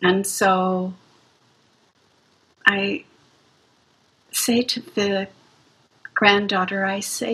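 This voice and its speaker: A woman recounting a hospice experience in an interview, gently and reflectively. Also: medium pitch, steady tone, husky, rough recording. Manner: gentle, slow, reflective storytelling. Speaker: music practitioner playing for hospice patients. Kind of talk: interview storytelling.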